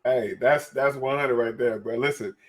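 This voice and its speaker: Excitable forties male host, casual chat, quick laughs and repeated words. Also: medium pitch. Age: 40s. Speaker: podcast host.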